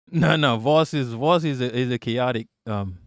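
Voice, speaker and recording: A man's voice: mid-range voice, no room sound, clean studio sound. A man hosting a live stream, reacting to news clips with profane, mocking asides and greeting his chat. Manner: profane, mocking, chatting with viewers. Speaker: livestream host. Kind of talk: casual live-stream commentary.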